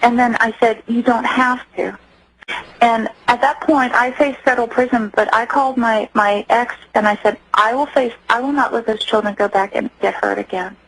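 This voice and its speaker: A middle-aged woman speaks with a fairly high voice as a guest on a radio broadcast. She tells her story earnestly and stops to restart her sentences. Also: fairly even intonation, vocal fry, fairly bright tone, slightly rough, rough recording. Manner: earnest, acts out quoted voices, halting restarts. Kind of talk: radio interview, personal account.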